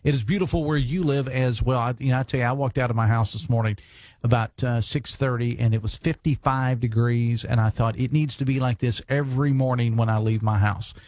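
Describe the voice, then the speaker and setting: A man's voice: mid-range voice, steady tone, fairly quick, darkish tone, no room sound. A man hosting a live radio talk show, chatty with lots of fillers and restarts. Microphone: studio microphone.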